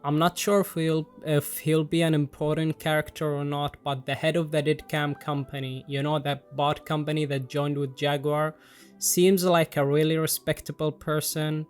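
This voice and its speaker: A young man reviewing a manga chapter in casual commentary, excitable and jokey, swearing freely and poking fun at himself. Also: on the high side, normal speed, few pauses, clear, resonant tone. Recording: faint music underneath.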